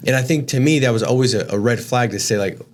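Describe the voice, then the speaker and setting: A man in his thirties co-hosting a podcast, talking in a casual, animated way and calling people "dude" and "bro". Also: medium pitch, fast. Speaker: podcast co-host. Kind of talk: casual conversation.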